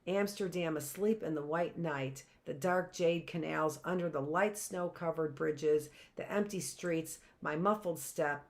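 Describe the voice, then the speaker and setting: A woman teacher reading a novel aloud in a measured, expressive way. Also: fairly low pitch.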